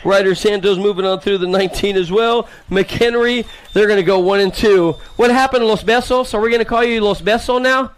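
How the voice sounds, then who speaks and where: Hyped American BMX race announcer. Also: male voice, high-pitched, fairly even intonation. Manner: fast, hyped, teasing riders by nickname. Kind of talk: live sports commentary.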